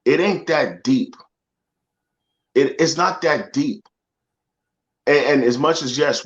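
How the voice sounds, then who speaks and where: A man's voice: on the high side, fairly bright tone, dull audio. A man speaking as a motivational guest, telling a personal story in conversation, earnest and often repeating phrases as he searches for words.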